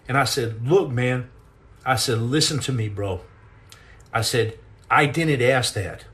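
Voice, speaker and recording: A middle-aged man hosting a podcast, telling a personal story in an earnest, intense way, halting and repeating words as he goes. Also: medium pitch, fairly bright tone. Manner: earnest and intense, acts out quoted lines.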